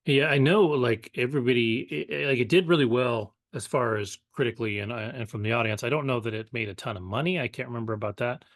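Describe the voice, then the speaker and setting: A man's voice: medium pitch, fast, hardly any pauses, dry recording. Man, podcast co-host, casual chat, rambling, dry close mic. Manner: relaxed, rambling, many fillers. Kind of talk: casual pop culture chat.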